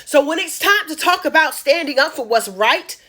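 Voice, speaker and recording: Woman from Chicago, slightly high, sharp-edged voice, impassioned direct-address commentary with repeated emphatic phrases. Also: animated, moderate pace. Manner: emphatic, repetitive, speaks straight to the audience. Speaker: social media commentator. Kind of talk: impassioned monologue to camera.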